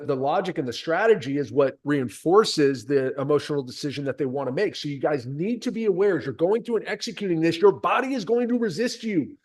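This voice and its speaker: A high-pitched man coaching salespeople with punchy, emphatic energy. He speaks straight to the group and drives his points home. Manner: energetic, emphatic, direct address. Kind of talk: coaching session.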